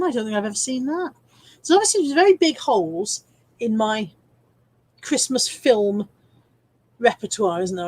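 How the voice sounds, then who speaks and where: A middle-aged woman hosts a casual live stream, reading out viewer comments in a chatty, cheeky manner. She laughs often and drops the odd swear word, speaking in a mid-range voice.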